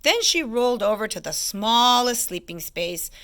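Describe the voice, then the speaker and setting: A woman teacher reading a storybook aloud to children in an expressive way. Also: fairly high pitch, normal speed. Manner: expressive, hushed asides about pictures.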